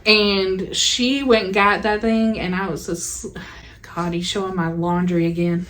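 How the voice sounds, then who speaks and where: A woman's voice: mid-range voice, flat delivery, measured pace, fairly bright tone. A young woman co-hosting a podcast, telling a childhood story in casual chat, teasing her co-host and laughing along. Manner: teasing, sarcastic, laughs often.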